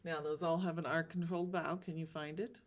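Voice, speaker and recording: A woman teacher giving a recorded lesson, sounding out words slowly and carefully. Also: low-pitched, steady tone. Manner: slow, drawn-out word sounding.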